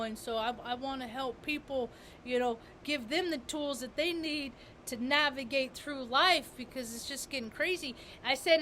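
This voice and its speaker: A woman's voice: high voice, a bit bright, slight background noise. A woman vlogger talking in a rambling spiritual monologue, repeating and restarting her words with emphasis.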